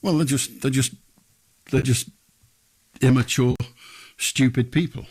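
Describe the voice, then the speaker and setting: A man's voice: medium pitch, fairly even intonation, measured pace, a little mellow, slightly rough. A man hosting a late-night radio phone-in, blunt and dry with his callers.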